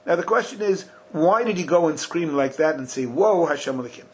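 Lively man teaching Talmud. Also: on the high side, slightly rough, poor audio. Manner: animated, chants Aramaic and Hebrew slowly and then translates. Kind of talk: Talmud study class.

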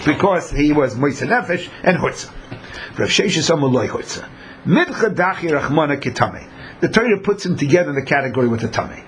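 Animated male Talmud teacher. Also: on the high side, fairly quick, background noise. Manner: animated, acts out the people in his examples. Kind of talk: Talmud lecture.

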